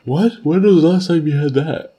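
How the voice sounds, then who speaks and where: A man's voice: on the high side, warm tone. A man co-hosting a podcast in casual chat, firing off questions and teasing his partner. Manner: teasing, quick-fire questioning. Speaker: podcast co-host.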